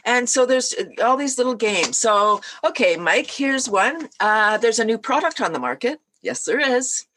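Bubbly, husky woman who laughs a lot. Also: on the high side, normal speed, few pauses. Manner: bubbly, laughs often, animated storytelling. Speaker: guest, laughter yoga leader. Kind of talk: casual podcast chat.

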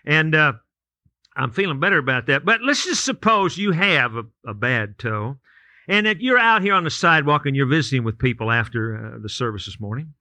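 A man's voice: on the high side, expressive, brisk, sharp tone, dry recording. A man preaching a sermon as a pastor, telling folksy made-up stories to make his point. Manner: storytelling with hypotheticals, folksy and repetitive.

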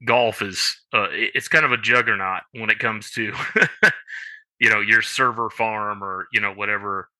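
A man co-hosting a podcast in casual chat, halting and full of "you know" fillers. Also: fairly low pitch, steady tone, pushed and bright, no echo. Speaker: podcast co-host.

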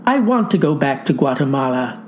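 A woman's voice: very deep voice, sing-song, a little fast, darkish tone, a little hiss or hum, voice pushed down. A woman voicing an earnest, polite young boy in a storybook read-aloud.

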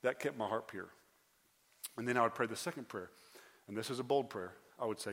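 A man in his thirties preaching an earnest sermon as pastor, often restarting phrases and building to loud, emphatic pleas. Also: medium pitch, moderate pace, pauses often. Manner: frequent restarts and repeated phrases. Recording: preached in a large reverberant hall.

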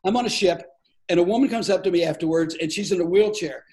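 A man's voice: high voice, fast talker. An older man, a comedian, telling stories playfully as a guest in an interview. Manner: playful, animated storyteller with frequent laughs. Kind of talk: storytelling in a podcast interview.

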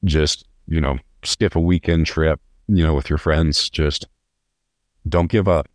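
A man's voice: rumbling low, fairly even intonation, unhurried, dry recording. A young man from California, a podcast guest telling stories in an earnest, rambling way with many restarts. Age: young adult. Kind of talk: casual interview.

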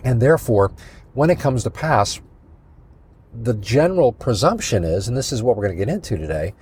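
A man teaching a Bible prophecy study as a pastor, measured and thinking aloud with many fillers and restarts. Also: mid-range voice, sing-song, a little mellow, husky.

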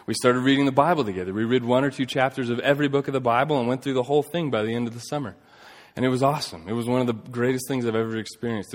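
A man in his thirties preaching a sermon, telling a story earnestly, rising to emphatic points and dropping to a hush. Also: mid-range voice. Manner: earnest storytelling, swings between emphatic and hushed. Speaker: pastor. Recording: long reverb of a large hall.

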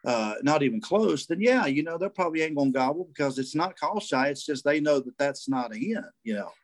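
A man, a guest telling a hunting story in a casual, animated way and acting out voices and calls. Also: fairly high pitch, fairly quick, dry recording. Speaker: guest turkey hunter.

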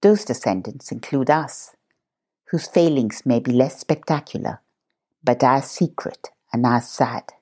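Female meditation host: very low, husky voice, unhurried and calm guidance. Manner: slow, calm, measured delivery. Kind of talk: guided Christian meditation.

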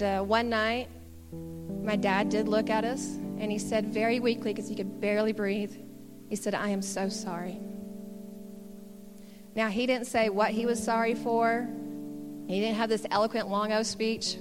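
A woman's voice: medium pitch, level tone, normal speed. A middle-aged woman, giving an earnest, candid testimony sermon. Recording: long hall reverb with guitar music. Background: soft guitar music.

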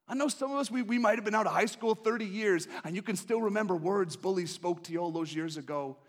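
A high-pitched man delivers an impassioned sermon. He drops to a hush, then climbs to a shout, and he keeps repeating his pleading lines to the congregation. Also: quick pace. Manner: impassioned, swings from hushed to shouting. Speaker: preacher.

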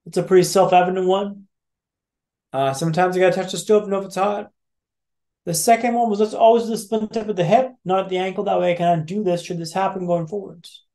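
A man with a fairly high voice tells a personal story to a podcast host. He builds tension by repeating phrases in a steady rhythm, like a practised motivational speaker. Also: fast talker.

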